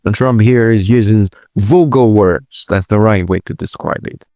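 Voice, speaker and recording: A man hosting a political commentary show, reacting to clips with stumbling restarts and bursts of disbelief. His voice is low. The recording is dry and close. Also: normal speed, warm tone, dry recording. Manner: hesitant restarts, incredulous exclamations.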